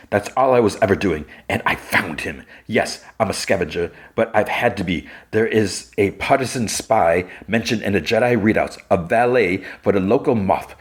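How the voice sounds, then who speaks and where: A man's voice: fairly low pitch, breathy edge. A man voicing a cornered woman intelligence officer, reading her lines in a slightly raised, defensive tone. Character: cold intelligence officer woman under interrogation.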